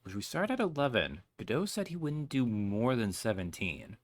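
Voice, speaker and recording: A man's voice: medium pitch, sing-song, moderate pace, no room sound. A man hosting a let's play, giving rambling, self-deprecating commentary between lines. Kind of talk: casual gameplay commentary.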